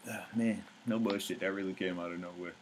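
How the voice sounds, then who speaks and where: A show host in casual commentary to viewers, blunt, profane and exasperated. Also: male voice, low-pitched, fairly even intonation, brisk, a little hiss or hum.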